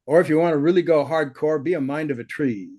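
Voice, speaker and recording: A man teaching in conversation, blunt and animated, laughing often and cursing casually, his voice swooping up high when he mimics others. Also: fast talker. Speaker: spiritual teacher.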